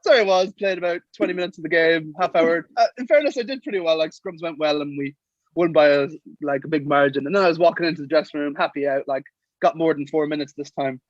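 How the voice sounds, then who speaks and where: A young Irish man telling lively anecdotes as a guest on a casual podcast, acting out the quotes in his stories. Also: fairly high pitch, fast, no room sound, highs cut off. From Sligo, Ireland. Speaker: guest, professional rugby player.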